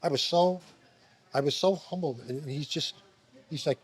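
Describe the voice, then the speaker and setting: A middle-aged man from Long Island, a former basketball player, telling animated stories as a guest, swearing and acting out quotes. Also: a little high, a little fast. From Long Island, New York. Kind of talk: animated storytelling. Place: restaurant.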